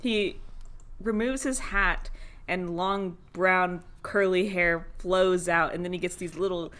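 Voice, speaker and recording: A woman's voice: fairly low pitch, fairly even intonation, slow pace, a bit bright. A woman co-hosting a podcast, chatting casually and giggling as she recaps a cartoon episode and acts out the characters' lines. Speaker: podcast co-host.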